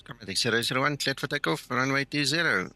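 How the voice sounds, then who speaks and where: A man flying a flight simulator, mixing polite radio calls with relaxed chatter. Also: mid-range voice, quick pace, no room sound. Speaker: virtual airline pilot streaming a flight simulator. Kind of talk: radio calls and casual commentary.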